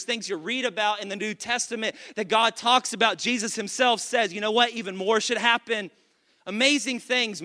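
A pastor from the Dallas area preaching an impassioned sermon into a microphone, building to shouts. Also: male voice, extremely high pitch. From Dallas area, Texas.

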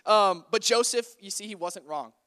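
A man's voice: high-pitched, normal speed, bright, forceful tone. Chatty young man retelling a Bible story. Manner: chatty, playful, often says "like".

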